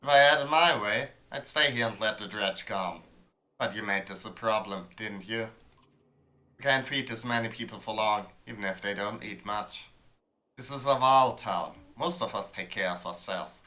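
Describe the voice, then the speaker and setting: A man reading as a gruff weary old giant warrior. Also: fairly low pitch, normal speed, pushed and bright. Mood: grumbling. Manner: blunt and grumbling.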